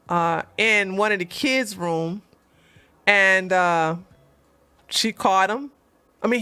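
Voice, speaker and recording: A middle-aged woman, a channel host, casually telling a story from her days in police work, animated and breaking into laughter and loud outbursts. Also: mid-range voice, clear, resonant tone, no room sound.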